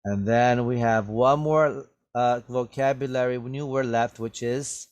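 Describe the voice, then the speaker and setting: A man teaching an English vocabulary lesson at a very slow, unhurried pace. His voice sits at an ordinary middle pitch, and he keeps stopping to ask "right?" and "okay?" so that each point lands before he moves on. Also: fairly even intonation, darkish tone. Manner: slow, patient, checks understanding with "right?" and "okay?".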